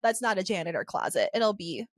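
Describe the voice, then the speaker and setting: A woman co-hosting a podcast in casual chat, teasing her friend and quick to laugh. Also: mid-range voice, sing-song, no echo, studio quality. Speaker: podcast co-host.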